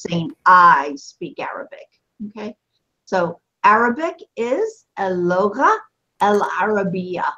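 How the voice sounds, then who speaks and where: A woman teaching a beginner Arabic lesson, patient and encouraging, repeating phrases slowly for her students. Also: mid-range voice, muffled recording.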